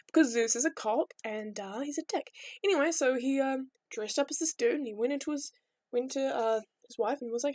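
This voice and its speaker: A woman's voice: high-pitched, a little fast, no echo. A young woman telling myths as a casual, rambling vlog story, full of irreverent asides. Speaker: vlogger.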